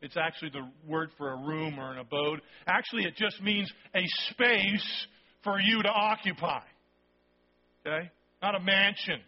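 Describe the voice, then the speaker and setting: On a dull, lo-fi recording, a pastor whose voice is on the high side preaches at a moderate pace. He's emphatic and conversational, regularly asking his listeners "okay?".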